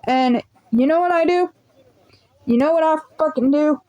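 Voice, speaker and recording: A woman's voice: sits high, normal speed, lo-fi sound. A young woman rambling through a casual storytime vlog, swearing freely as she tells it. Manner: swearing, rambling, animated retelling. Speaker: vlogger.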